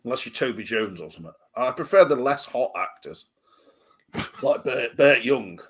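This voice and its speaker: A man cracking deadpan, rambling jokes while co-hosting a casual podcast chat. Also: mid-range voice, normal speed, breathy edge. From Australia. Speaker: podcast co-host. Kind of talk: casual banter.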